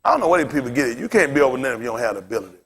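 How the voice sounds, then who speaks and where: The voice is a man's: medium pitch, husky, fairly bright, racing along with big swings in pitch. He is a pastor teaching scripture in a relaxed sermon style, casually and constantly quizzing listeners with rhetorical questions.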